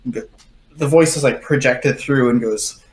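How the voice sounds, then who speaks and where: A man's voice: mid-range voice, unhurried, echoey room. A young man narrating a tabletop game as game master, in a loose way with many fillers.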